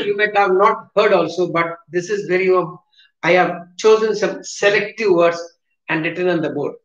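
A man's voice: sits high, normal speed, a bit bright. A man with a South Indian English accent teaching vocabulary in a classroom, spelling words letter by letter and repeating himself. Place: classroom with a board. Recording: roomy, distant, dull classroom recording.

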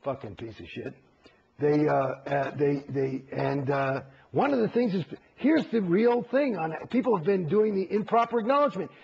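A man with a gravelly, husky voice and a slightly raised pitch tells his story in an interview, cursing freely and acting out the lines of the people in it. The recording is dull and lo-fi. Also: moderate pace. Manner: profane, animated, acts out quoted exchanges.

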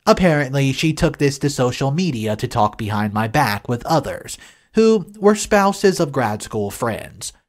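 A storyteller reads an online forum post aloud, the pitch rising and falling a great deal from phrase to phrase. The voice sits in a middle register, and the telling is steady and matter-of-fact. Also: unhurried. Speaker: story narrator.

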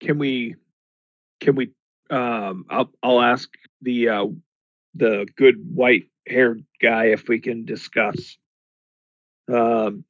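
A man's voice: mid-range voice, steady tone, no room sound, narrow, tinny audio. A man playing in a tabletop game, hesitant and full of ums. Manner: slow, hesitant, lots of ums. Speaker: player.

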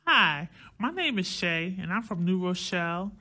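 Casting: woman as a confused audience member, husky, bright, lively, soft-spoken. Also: fairly low pitch, normal speed, full character voice. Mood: puzzled. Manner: soft, bewildered questioning. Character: puzzled young woman in a studio audience.

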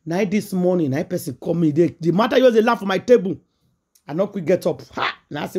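A man with a Nigerian Pidgin English accent, hosting a gossip channel and retelling a story in excited, repetitive casual commentary. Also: high-pitched, quick pace, slightly rough.

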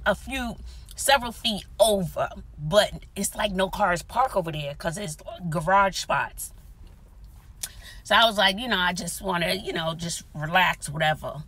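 A woman vlogger telling a dramatic story in casual chat, often dropping to whispers, recorded inside a parked car. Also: mid-range voice. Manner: animated, dramatic retelling with whispered asides.

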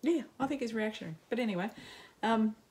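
A middle-aged Australian woman chatting casually as a knitting podcaster at home, rambling and self-mocking, with frequent ums and quick laughs. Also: fairly high pitch, a little mellow. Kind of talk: casual chat to camera. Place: home, in sunshine.

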